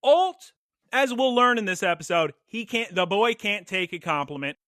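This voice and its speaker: A young man with a high, bright voice that swoops up and down as he recaps an anime episode on a podcast. He talks in excitable play-by-play and calls out attack names. The sound is close and dry. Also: moderate pace, no echo. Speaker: podcast co-host. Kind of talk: casual anime recap chat.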